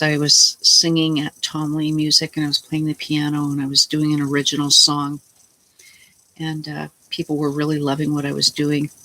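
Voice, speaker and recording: A middle-aged woman talks to her camera about her day, rambling and indignant. Her voice is bright and tired, since she is unwell. She keeps slipping into her own quoted lines as she tells the story. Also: low-pitched, rough recording. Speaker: vlogger.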